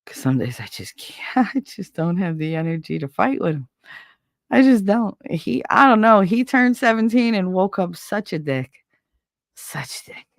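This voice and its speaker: A woman's voice: medium pitch, expressive, normal speed, no room sound, studio quality. A middle-aged woman hosting a casual livestream, venting bluntly and profanely about her kids and household chores. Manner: blunt, profane, exasperated ranting. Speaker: livestream host.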